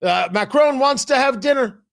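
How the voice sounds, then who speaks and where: A man hosting a political talk show, giving opinionated commentary and acting out quotes with sudden loud outbursts. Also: extremely high pitch, normal speed, gravelly. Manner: animated, acts out quotes with sudden loud shouts.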